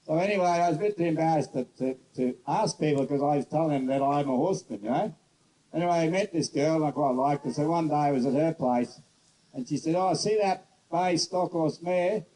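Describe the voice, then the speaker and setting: A man horse trainer giving a casual outdoor demonstration, telling stories bluntly and coaxing a horse softly. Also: fairly high pitch, quick pace, low-quality recording. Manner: casual, rambling, blunt storyteller; soft coaxing talk to the horse. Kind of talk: demonstration lesson with storytelling.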